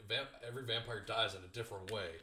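A man's voice: lowish voice, quick pace, crowd noise. Laid-back man in a roomy space. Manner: laid-back, agreeing, laughing. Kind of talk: casual chat. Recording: roomy with faint noise.

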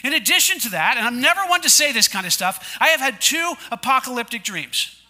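A man's voice: very high-pitched, expressive, fairly quick, bright, forceful tone. A man preaching a sermon to his congregation in a church, emphatic and repetitive, often asking the listeners to say lines back with him. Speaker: pastor. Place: church sanctuary before a congregation.

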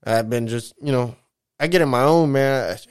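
A man in his thirties rambles through a casual vlog, speaking candidly and emotionally and wandering from one tangent to the next. His voice is smooth and clear at a medium pitch. He swears freely and keeps calling his listeners "man" and "folks.". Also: normal speed. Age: 30s. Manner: rambling, drifts off topic, says "man" a lot. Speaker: vlogger.

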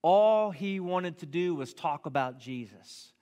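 A man preaching a sermon with a somewhat high voice, his words ringing through a large reverberant hall. He tells his stories with emphatic, earnest delivery. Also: animated, a little slow, warm tone. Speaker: pastor.

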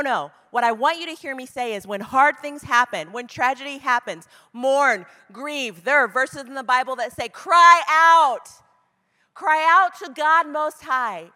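A woman's voice: sits high, pushed and bright. A woman preaching a sermon to a women's gathering, passionate and conversational, leaning hard on key words. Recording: long reverb of a large hall.

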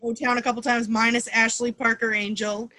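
Bright animated woman telling stories. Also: on the high side, no room sound. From Boston area. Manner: animated, quick storyteller acting out quotes. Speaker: comedian guest. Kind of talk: casual storytelling chat.

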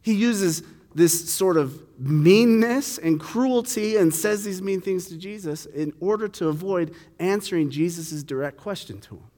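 A man's voice: sits high, expressive, measured pace, hardly any pauses, darkish tone, in a large hall. A man giving a casual sermon on a Bible passage. He keeps asking his listeners questions and acts out the quoted lines. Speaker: preacher.

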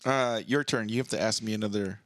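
A man's voice: lowish voice, fairly even intonation, a little fast, a bit bright, no room sound, studio quality. A man co-hosting a casual podcast chat, crude and joking, swearing often. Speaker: podcast co-host.

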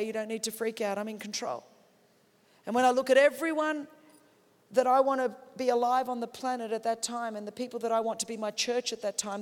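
Male pastor, very high register, emphatic sermon delivery, reverberant hall. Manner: emphatic, slows and rises for key phrases; puts on calm God voice and panicked church voice.

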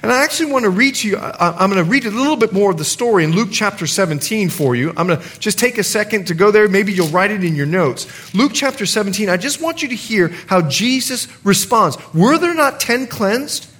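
Lively, high-voiced male preacher. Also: fast talker, hardly any pauses, slightly rough. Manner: animated preaching, acts out the speakers in his stories. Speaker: pastor. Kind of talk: sermon.

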